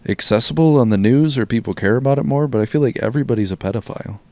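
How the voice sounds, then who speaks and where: A man's voice: medium pitch, rapid-fire, dark tone, no echo. A man in his twenties co-hosting a podcast, chatting casually and rambling with lots of "like.". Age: 20s. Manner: rambling, heavy use of "like". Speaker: podcast co-host. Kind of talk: casual chat.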